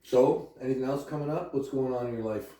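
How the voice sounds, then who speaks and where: A man's voice: mid-range voice, brisk, dark tone. A man hosting a casual chat, loose and easygoing, laughing often. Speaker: podcast host. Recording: echoey room, distant mic.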